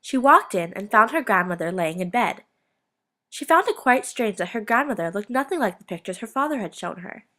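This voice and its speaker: A woman reading a fairy tale aloud as narrator, in a steady read-aloud way. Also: medium pitch, fairly quick. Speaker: student reader.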